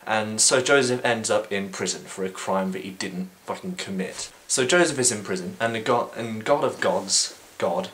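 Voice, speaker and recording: A man's voice: fairly low pitch, moderate pace, few pauses, fairly bright tone, a little hiss or hum. Sarcastic young man retelling casually. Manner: sarcastic, swears, many fillers. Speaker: vlogger.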